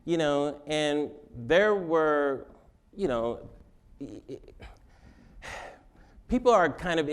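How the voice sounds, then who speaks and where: Animated, joking man in an interview. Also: mid-range voice. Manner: joking, laughs often. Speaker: interview guest. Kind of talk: conversational interview.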